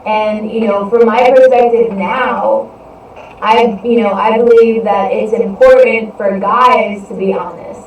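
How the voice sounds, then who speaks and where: A woman's voice: mid-range voice, steady tone, a little slow, dull audio. A woman hosting a podcast, telling a story in a loose, rambling way and saying "you know" again and again. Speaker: podcast host. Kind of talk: casual storytelling monologue. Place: indoors, live stream. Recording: roomy echo, distant from mic, faint noise.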